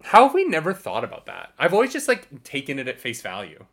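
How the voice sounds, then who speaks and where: A woman's voice: sits low, huge pitch swings, quick pace, fairly bright tone. A woman co-hosting a casual book club podcast, chatty and swearing freely, with lots of fillers. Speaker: podcast co-host.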